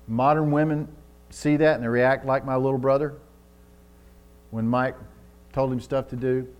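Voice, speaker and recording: A male preacher with a middle-range voice delivers a sermon in an easy, talky manner. He acts out little scenes with quoted voices and swells into loud, urgent emphasis at key points. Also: medium pitch, fairly even intonation, moderate pace.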